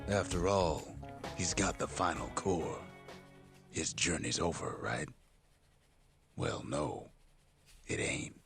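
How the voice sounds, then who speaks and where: A very deep drawling old game narrator. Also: male voice, expressive, slow, vocal fry, pauses often, full character voice. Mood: laconic. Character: weathered old male frontier narrator, laconic. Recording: game audio under music. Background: game music.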